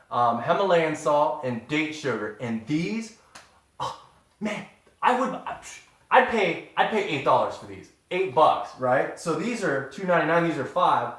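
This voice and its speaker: A man talking in a casual, rambling live-stream chat with his viewers, showing off groceries and homemade pickles in a kitchen. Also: on the high side. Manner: animated, rambling, addresses viewers as y'all. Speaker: vlogger. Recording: echoey room.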